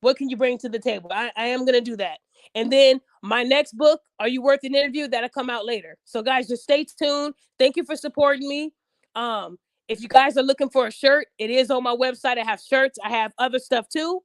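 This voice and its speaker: A woman's voice: sits high, a little fast, dry recording. A woman hosting her own podcast, talking bluntly and casually, acting out quotes in raised voices. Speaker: podcast host. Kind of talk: casual chat.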